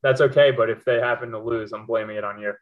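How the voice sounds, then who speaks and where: A man's voice: mid-range voice, fast talker. Laughing man co-host on a dull lo-fi line. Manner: laughs often, rambling, excitable. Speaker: podcast co-host. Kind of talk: casual sports chat.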